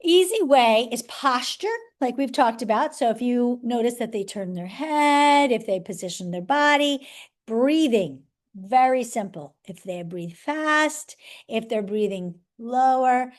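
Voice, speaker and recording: Leading a live workshop on sales skills, this woman talks a little slowly in a fairly high, animated voice. Her delivery to the room is chatty and full of jokey asides, with frequent tag questions of "right?"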